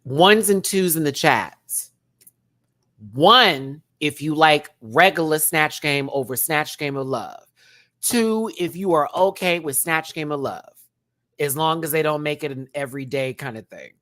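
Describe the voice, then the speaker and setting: A man reviewing a reality show on a livestream, chatty and animated, swinging between loud bursts and hushed asides. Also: on the high side, a little slow, no echo, clean studio sound. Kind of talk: casual livestream commentary.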